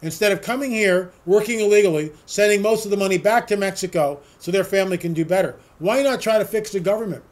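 A man's voice: high-pitched, fast talker, hardly any pauses. A man giving a combative, sarcastic political monologue as a talk radio host, full of rhetorical questions.

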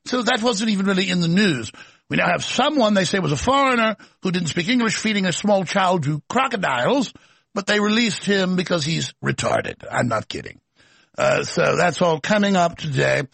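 A man's voice: high-pitched, expressive, moderate pace, vocal fry, fairly bright tone, slightly rough, dry recording. A man hosting a political commentary show, delivering a sarcastic, combative rant. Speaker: show host.

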